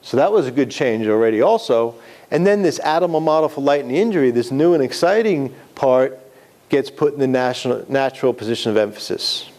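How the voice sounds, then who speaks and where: A man's voice: medium pitch, animated, brisk, a little mellow. A man teaching a class on writing, talking conversationally and putting questions to the audience. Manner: conversational, self-correcting, asks the audience questions. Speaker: writing instructor. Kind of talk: lecture to students.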